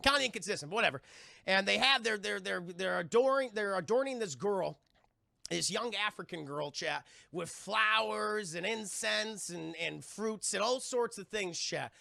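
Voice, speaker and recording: Male streamer, high and gravelly, very bright, swearing casual film recap aimed at chat. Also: moderate pace, dry recording, clean studio sound. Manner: animated and profane, keeps addressing his chat; bursts into loud high laughter.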